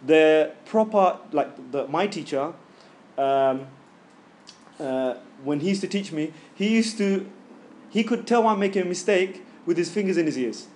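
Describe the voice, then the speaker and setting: A man's voice: a little high, measured pace, darkish tone, slight background noise. A man teaching Quran recitation in a casual classroom style, voicing sounds aloud to show them and checking in with "yeah?" as he goes. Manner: chatty, keeps checking in with "yeah?". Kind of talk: informal classroom lesson.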